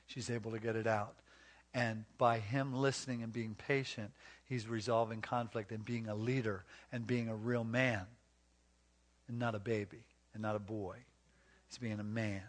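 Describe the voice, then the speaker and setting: Using a lowish voice with little pitch movement and a moderate pace, a man preaches emphatically at a marriage retreat. Part of his teaching has him coaching volunteers through live role-play.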